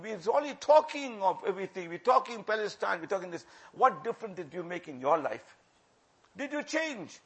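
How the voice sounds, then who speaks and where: A man delivers a sermon in a husky, gravelly voice. He pleads and warns with passion, hammering phrases again and again and dropping suddenly to a near hush. His voice sits high for a man. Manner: impassioned, repeats phrases for emphasis, swings from loud to hushed. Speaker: religious preacher.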